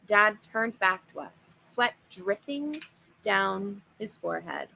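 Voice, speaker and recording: A woman reading a children's horror book aloud in an expressive, animated way. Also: mid-range voice, takes it slowly, gravelly, a little hiss or hum, low-quality recording. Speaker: storyteller.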